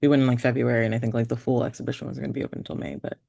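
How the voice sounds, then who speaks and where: Woman, podcast guest; meandering, many "like"s, some vocal fry, dry close recording. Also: extremely low pitch, steady tone, very fast, mellow, no echo. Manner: rambling, filler-heavy, trailing off. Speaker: guest filmmaker. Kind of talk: casual podcast chat. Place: remote from the hosts, in New York.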